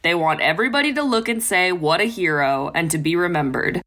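A woman's voice: fairly low pitch, expressive, fairly quick, fairly bright tone. A woman voicing a sly old female pirate captain in a read-aloud passage on a podcast, with a dry, teasing delivery. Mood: wry.

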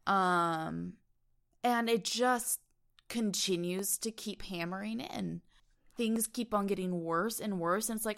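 A woman's voice: mid-range voice, takes it slowly, creaky, a bit bright. A woman co-hosting a casual film review podcast, animatedly retelling scenes in detail. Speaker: podcast co-host.

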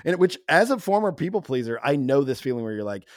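Chatty male co-host, mid-pitched, dry booth sound, playful asides. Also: sing-song, quick pace, no room sound. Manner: chatty, giggly, drifts into playful quote voices. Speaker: podcast co-host. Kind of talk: casual film discussion.

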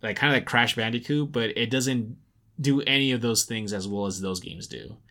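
A man's voice: mid-range voice, normal speed. A man co-hosting a casual gaming podcast, rambling with lots of fillers and restarts. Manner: announcer-style loud intros for segments. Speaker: podcast co-host.

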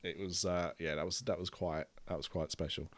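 Low dry-voiced guy hosting a chat show, laid back, trails off. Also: steady tone, a little fast, no echo. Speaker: podcast host. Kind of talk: casual chat.

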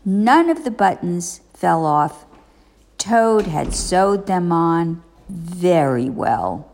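A woman reading a children's storybook aloud as a parent, expressive and deliberate. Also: fairly low pitch, long reverb tail.

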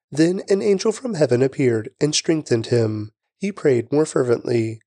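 A man giving a steady, reverent scripture reading. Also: medium pitch, dry recording. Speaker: scripture reader.

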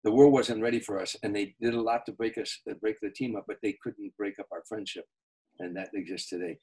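Older male guest, husky low voice, animated storyteller. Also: fairly quick, rough recording. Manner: animated anecdotes with quoted voices. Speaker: guest, entertainer. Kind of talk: storytelling in a podcast interview.

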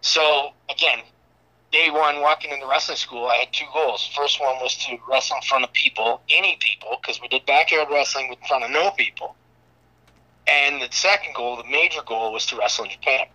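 A man's voice: mid-range voice, fairly quick, pushed and bright, rough recording. A man in his thirties, a wrestler guest, telling stories in loose casual chat with casual swearing.

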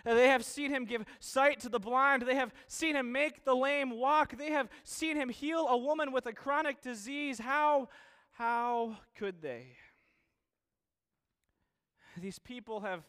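A man preaching a sermon, earnest, asking the same questions again and again with pauses and restarts. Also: very high voice, fairly bright tone, smooth.

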